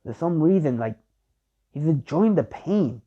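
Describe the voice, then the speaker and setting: A man's voice: on the high side, expressive, unhurried. A young man improvising fan-fiction narration in a rambling way, full of fillers and restarts, on a dull lo-fi recording. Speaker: fan storyteller.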